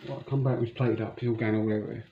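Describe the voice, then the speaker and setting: A man's voice: fairly low pitch, steady tone, quick pace. A young man making a casual cooking vlog in his home kitchen, blunt and sweary. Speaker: vlogger. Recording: muffled, noisy home recording. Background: household chatter and noise.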